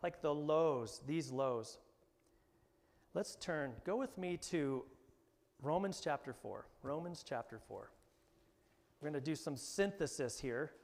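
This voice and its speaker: Animated pastor in an echoing hall. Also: male voice, on the high side, slow pace, long pauses. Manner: animated, rising to emphatic bursts, acting out voices in quotes. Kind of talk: sermon. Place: church hall. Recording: long hall reverb.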